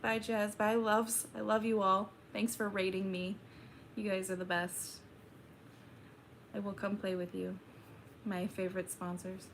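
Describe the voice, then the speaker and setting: Woman, young adult, slow laid-back drawl, reading chat and chatting casually on stream, creaky voice. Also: mid-range voice, level tone, slight background noise. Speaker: livestream host reading chat.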